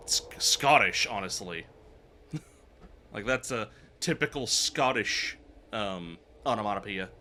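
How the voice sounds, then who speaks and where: A man's voice: fairly low pitch, animated, takes it slowly, pauses often, bright, forceful tone, a little hiss or hum. A man streaming a video game live, chatting casually and laughing often as he plays. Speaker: VTuber streamer. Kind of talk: casual gameplay commentary.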